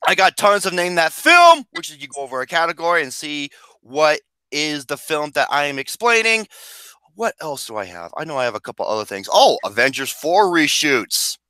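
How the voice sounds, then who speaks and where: A man hosting a movie podcast in loud, excitable, teasing banter. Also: on the high side, moderate pace, clean tone, dry recording. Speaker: podcast host.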